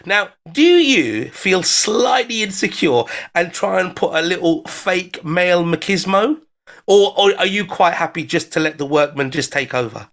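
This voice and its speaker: A man with an English accent talks in a cheeky, rambling way, his voice sitting high for a man. He teases his co-host and drifts off on tangents in loose, casual chat. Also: sing-song, a little slow, a bit bright. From England. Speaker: foreign correspondent.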